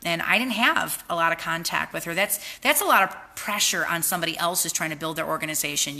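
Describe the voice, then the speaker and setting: Bright-voiced, sleep-deprived woman host, encouraging. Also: on the low side, quick pace, hardly any pauses. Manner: earnest, heartfelt, encouraging with faith language. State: tired from lack of sleep. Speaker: host, network marketing team leader. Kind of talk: motivational livestream talk.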